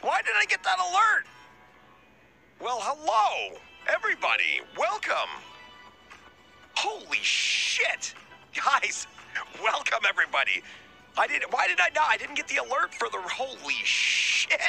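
A man game streamer on a live stream, excitable and astonished, swearing a lot as he addresses his chat. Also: very high voice, a little slow, gravelly, pauses often, soft background music.

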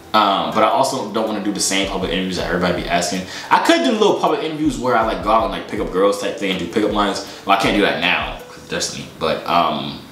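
A man's voice: on the low side, fairly bright tone. A young man casually answering fan questions in a joking, slangy, rambling way. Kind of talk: casual Q&A chat. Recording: echoey room.

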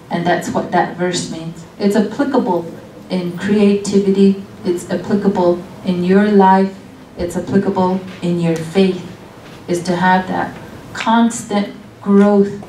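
A middle-aged woman giving a college guest lecture on weaving, speaking earnestly and reflectively with pauses. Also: medium pitch, warm tone. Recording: echoey room, distant mic, faint noise.

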